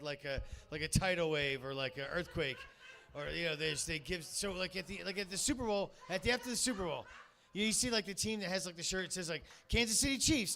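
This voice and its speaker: A man's voice: high-pitched, sharp tone. A man doing a rambling, crude stand-up comedy set in a comedy club, baiting the crowd and heavy on filler words.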